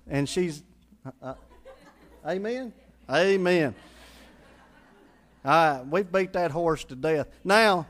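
Man, pastor, high voice, folksy sermon, church sanctuary, spells words out. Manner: folksy preaching with call-and-response and humor; spells out Greek words letter by letter.

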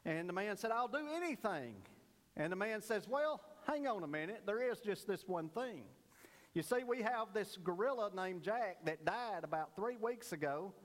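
A man's voice: sits high, animated, normal speed, big-room sound. A man preaching a sermon, telling a folksy joke story and then teaching earnestly about prayer. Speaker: pastor.

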